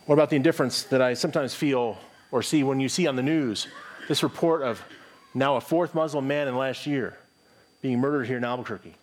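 A man's voice: mid-range voice, a little fast, slight background noise. A middle-aged man preaching a sermon in an earnest, conversational way, reading scripture aloud and often restarting his phrases. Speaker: pastor.

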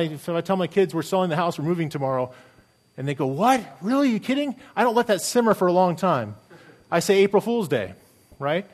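A middle-aged man, a pastor, preaching a sermon earnestly and emphatically, with many rhetorical questions. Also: fairly high pitch.

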